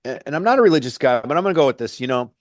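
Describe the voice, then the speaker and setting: A man's voice: medium pitch, very animated, racing, no room sound. Middle-aged male mountain guide, loose rambling storyteller, full of "like", dry close-miked sound. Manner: rambling, says "like" and "hey, man" often. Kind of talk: casual storytelling interview.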